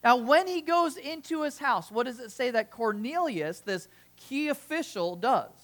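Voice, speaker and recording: A woman's voice: high-pitched, animated, measured pace. A woman preaching a sermon in a conversational way, with frequent restarts and asides.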